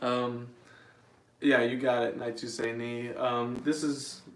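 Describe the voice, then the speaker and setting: Slow, deadpan comedic man. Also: mid-range voice. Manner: deadpan, mock-earnest comedic rambling. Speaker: livestream host. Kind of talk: casual livestream chat.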